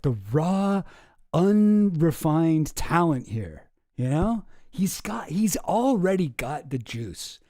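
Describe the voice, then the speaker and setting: A man giving relaxed, rambling commentary as he reacts to old clips. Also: on the high side, no echo, studio quality. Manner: laid-back rambling with many fillers. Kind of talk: casual commentary.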